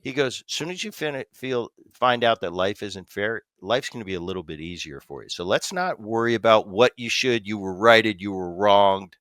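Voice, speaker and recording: A man hosts a casual podcast and tells long stories, stopping and restarting often. His voice sits low but sounds bright and forceful. The sound is dry and close. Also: lively intonation, dry recording. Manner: storytelling, halting restarts. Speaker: podcast host.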